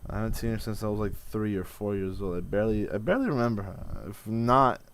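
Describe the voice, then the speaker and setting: A man's voice: fairly low pitch, very animated, fast talker, slight background noise. A man in his twenties venting in a rambling, profane vlog with many restarts. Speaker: vlogger.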